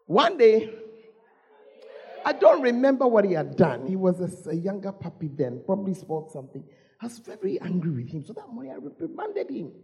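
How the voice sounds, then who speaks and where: A woman's voice: medium pitch, huge pitch swings, normal speed, pauses often, warm tone, slightly rough. A woman with a Ghanaian English accent preaching a storytelling sermon, calling out to the congregation and repeating her phrases.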